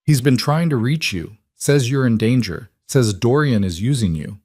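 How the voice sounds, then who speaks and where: A man playing a smooth, cold mob interrogator. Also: medium pitch, moderate pace, no room sound, studio quality. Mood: cold, calm. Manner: calm, smooth, menacing. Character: cold, calm male mob interrogator in a suit.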